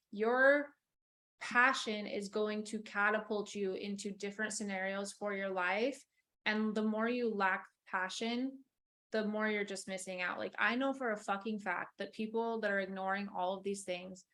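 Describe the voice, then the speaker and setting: A woman's voice: medium pitch, sharp tone. A woman co-hosting a podcast, talking bluntly and emphatically in casual chat, swearing for stress. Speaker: podcast co-host.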